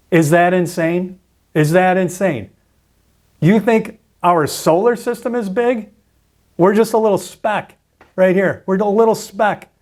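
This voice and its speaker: A man hosting a trading video, walking viewers through a screen graphic, getting worked up and often repeating himself. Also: fairly high pitch. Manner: animated, repeats and restarts, gets worked up. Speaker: trading channel host. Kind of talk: excited screen-share explainer.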